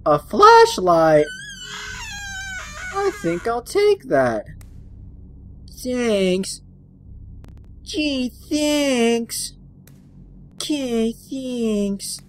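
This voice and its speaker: A man's voice: very high voice, animated, takes it slowly, pauses often, fairly bright tone, slight background noise. A man playing a horror game on his channel, reacting jumpily, swearing, and joking at the screen. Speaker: gaming channel host. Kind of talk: horror game let's play commentary.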